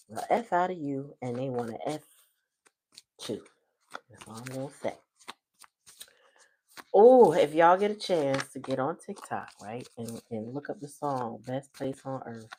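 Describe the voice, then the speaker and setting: Woman tarot reader, low voice, relaxed slangy livestream chatter. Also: a little hiss or hum. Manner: chatty, loose, folksy slang. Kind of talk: casual livestream tarot reading.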